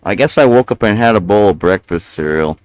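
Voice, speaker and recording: Expressive and fairly quick, a man's lowish, clear, resonant voice comes through with no echo, though the recording quality is low. He's casually ranting on his live stream, cursing, excusing himself, and talking with food in his mouth.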